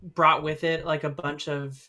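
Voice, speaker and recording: A man's voice: on the high side, level tone, a little slow, bright, forceful tone. A man co-hosting a casual livestream chat, telling long rambling stories full of fillers. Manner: rambling storyteller with many fillers and little laughs. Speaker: livestream co-host.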